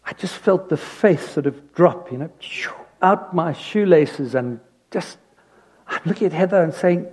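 Man preaching, higher-pitched than most, expressive and dynamic, telling a story from the pulpit. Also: unhurried, husky. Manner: animated, swings from loud emphasis to hushed asides. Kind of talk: sermon with personal storytelling.

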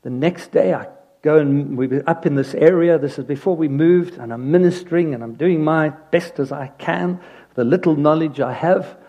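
A man preaching a sermon, telling a personal story with animated emphasis that drops into hushed asides. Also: on the high side, normal speed, lo-fi sound.

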